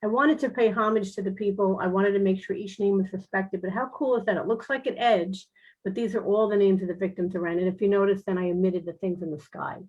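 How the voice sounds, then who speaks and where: A woman's voice: mid-range voice, fairly even intonation, quick pace, darkish tone, breathy edge, highs cut off. A middle-aged woman speaking as a spiritual guest on an online talk show, telling personal stories in a chatty, earnest way with many fillers. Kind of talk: casual personal storytelling.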